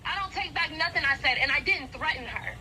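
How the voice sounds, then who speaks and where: A woman's voice: high-pitched, animated, fairly quick, noisy background. An actress playing a woman who argues insistently and accuses her partner, in a comedy skit. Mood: accusing. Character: adult woman arguing with her man.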